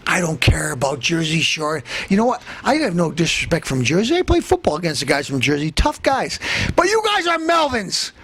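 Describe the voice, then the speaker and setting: A man hosting a comedy show, ranting in a boastful tough-guy manner, threatening to beat everyone up and breaking into shouts. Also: high voice, wildly swooping pitch, a little fast, slightly rough. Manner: bursts into shouting. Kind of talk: comic tough-guy rant.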